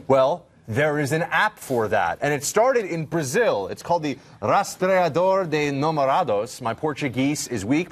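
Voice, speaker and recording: A man co-hosting a studio talk show, presenting a story in a light, joking way. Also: fairly high pitch. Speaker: news show co-host.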